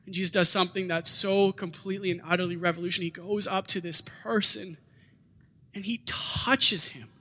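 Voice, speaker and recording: A man preaching in a high, bright voice, talking casually and acting out little quoted bits as he goes. His words ring out through a church hall with a long echo. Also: a little fast. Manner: conversational, animated preaching with acted-out quotes. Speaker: pastor. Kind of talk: sermon.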